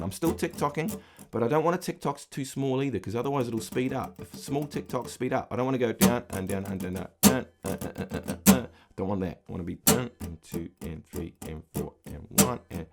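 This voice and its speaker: A middle-aged man giving a guitar lesson, patiently explaining and counting the beats aloud as he strums. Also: mid-range voice. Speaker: guitar teacher. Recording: loud guitar strumming under the voice. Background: acoustic guitar being strummed.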